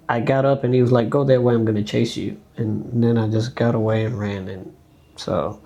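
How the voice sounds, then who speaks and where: Gravelly man telling a story. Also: medium pitch. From United States. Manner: animated storyteller, acts out quoted speech, loose filler-heavy phrasing. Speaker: dancer guest. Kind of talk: storytelling in a podcast conversation.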